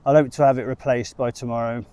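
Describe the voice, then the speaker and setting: A man's voice: mid-range voice, steady tone, fast talker, mellow, clear, resonant tone, dry recording, natural voice. A man voicing a fussy, flirtatious woman who runs a village shop, speaking in a raised, fussing tone.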